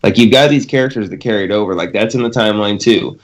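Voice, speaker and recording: A man with a somewhat low voice talking in casual podcast chat. He is animated and rambling, and he piles on fillers and asides while he argues his point. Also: quick pace. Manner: animated, talks over others, lots of fillers. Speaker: podcast co-host.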